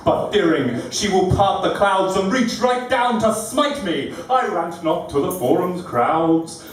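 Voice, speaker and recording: A man performing his own rhyming poems at a live event, with a rhythmic, deliberate and witty delivery. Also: high voice, expressive, recorded from a distance, a little hiss or hum. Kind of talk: rhyming poetry recitation. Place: live venue room. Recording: very echoey room, recorded from afar.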